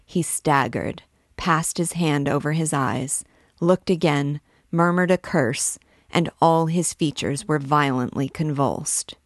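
A woman reading a classic novel aloud in a measured, dramatic way. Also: low-pitched, no echo, clean studio sound. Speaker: book reader and guide.

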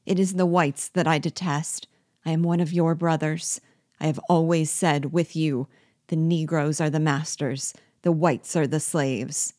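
A woman's voice: steady tone, unhurried, darkish tone, dry recording, clean studio sound. A woman reading aloud and voicing a terrified male planter who begs for his life, her voice rising in desperate pleas. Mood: pleading. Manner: desperate, pleading, rising in pitch.

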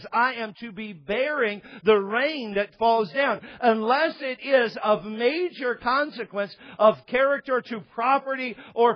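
High-voiced pastor preaching. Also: male voice. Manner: conversational preaching with humor and stammered restarts. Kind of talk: sermon. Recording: dull, lo-fi sermon recording.

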